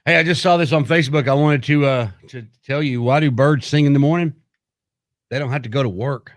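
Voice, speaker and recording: A man co-hosting a morning radio show, easygoing and quick to laugh. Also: medium pitch, dry recording, studio quality. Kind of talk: casual morning radio banter. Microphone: studio microphone.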